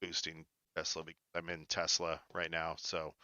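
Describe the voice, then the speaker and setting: A man co-hosting a casual podcast, chatting about markets in an animated, jokey way, often laughing at his own lines. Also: extremely low pitch, normal speed, no echo, lo-fi sound. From United States. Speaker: podcast co-host.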